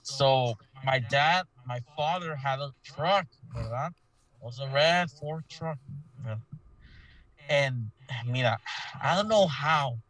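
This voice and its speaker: A man's voice: medium pitch, slow, fairly bright tone, low-quality recording. Young man with a Mexican Spanish accent. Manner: mixes Spanish words into English storytelling. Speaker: podcast guest. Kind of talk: casual chat.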